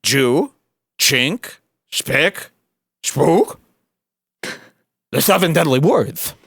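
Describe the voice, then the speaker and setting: Podcast host, male, sarcastic and scoffing, swinging pitch, dry close sound. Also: sing-song, drawn-out words, a bit bright, husky, no echo. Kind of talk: mocking commentary over a clip.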